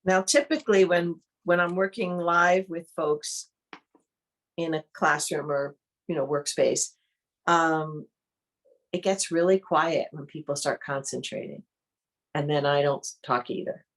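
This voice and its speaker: A woman leading an online art workshop, calmly thinking aloud as she demonstrates each step. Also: deep voice. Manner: calm, unhurried, thinks aloud while demonstrating. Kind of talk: online interactive workshop teaching.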